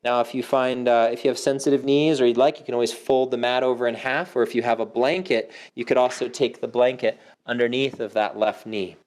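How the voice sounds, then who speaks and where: A man's voice: mid-range voice, fairly even intonation. Man guiding a soothing yoga class. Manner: slow, soothing cues with audible sighs; drops to a soft whisper for affirmations. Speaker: yoga instructor. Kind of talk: guided yoga class instruction.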